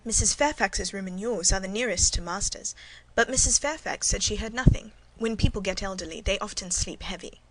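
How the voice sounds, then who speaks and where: A woman reads the part of a middle-aged servant woman who keeps her composure. Her voice is cool, measured and demure, and it sits at an ordinary middle pitch. She sounds like a guarded figure in a storybook reading. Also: natural voice, rough recording. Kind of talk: audiobook reading.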